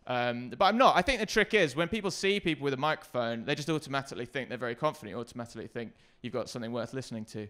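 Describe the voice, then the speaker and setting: A man doing a stand-up comedy set, self-deprecating and hesitant with many ums, sometimes breaking into loud shouted bits. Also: mid-range voice, animated, rapid-fire, hardly any pauses, clear, resonant tone.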